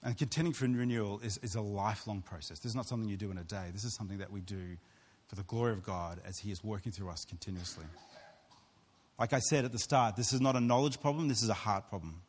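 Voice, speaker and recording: A pastor with a lowish voice speaks fast, preaching a sermon in an earnest, storytelling manner and acting out what others said. The recording carries a long hall reverb.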